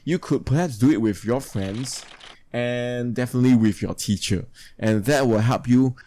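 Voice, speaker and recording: Man, teacher, recorded lesson, even middle pitch, steady explanatory delivery. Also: moderate pace, slight background noise. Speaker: English teacher.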